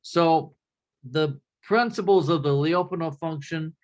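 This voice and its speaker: A man giving a classroom lecture in a relaxed, conversational way, often checking in with the class by asking "right?". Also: a little high, measured pace.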